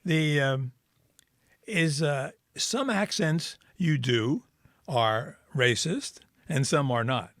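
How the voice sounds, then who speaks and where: A man's voice: on the high side, expressive, slow pace, fairly bright tone, dry recording, studio quality. Wry joking male podcast co-host. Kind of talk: casual conversational podcast chat. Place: Kansas City.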